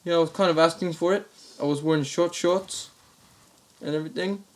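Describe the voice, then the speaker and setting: A brash young prank caller , put on by a man telling the story, with a fake Australian accent, pitched well above the teller's usual voice. He sounds crude and cheeky with a mock-innocent edge. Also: steady tone, brisk, natural voice. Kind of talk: comic storytelling with quoted voices.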